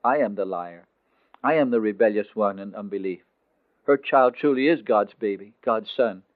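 A man's voice: on the low side, normal speed, no echo, natural voice. A man playing a remorseful young carpenter, speaking in an anguished, pleading way. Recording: tinny phone-like dry recording.

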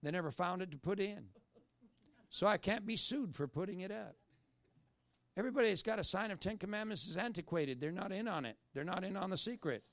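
A man preaching a sermon, using rhetorical questions and repetition, swinging from emphatic bursts to hushed whispers. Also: high voice, brisk, creaky, no room sound.

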